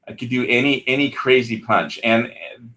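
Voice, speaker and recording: A man in casual chat, a recording engineer who rambles excitedly and trails off mid-sentence. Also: mid-range voice, normal speed.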